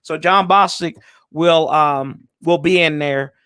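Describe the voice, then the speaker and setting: A man with a fairly high voice chats casually from home as a podcast host. He talks loosely and catches his own slips as he goes. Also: fairly even intonation, slow pace, bright, forceful tone, clear, resonant tone, dry recording, studio quality. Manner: loose and chatty, with frequent fillers and self-corrections. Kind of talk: casual sports preview chat.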